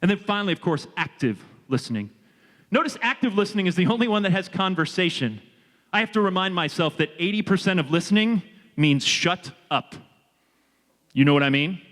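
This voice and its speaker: A man giving an energetic motivational leadership talk to students, drawing the audience in. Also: high-pitched, a little fast. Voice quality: energetic, animated and audience-engaging. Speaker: leadership speaker. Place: large hall with a student audience. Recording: reverberant hall with a long echo.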